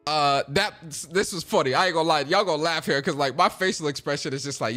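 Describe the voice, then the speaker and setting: A man hosting a casual reaction video, talking in excitable slang and laughing a lot. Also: a little high, fast talker, few pauses, faint music behind. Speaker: host.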